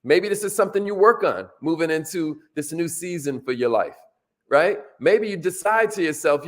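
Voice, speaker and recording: A motivational speaker giving a workshop talk, energetic and casual, repeating his lines and calling out to the listeners for responses. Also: on the high side, normal speed.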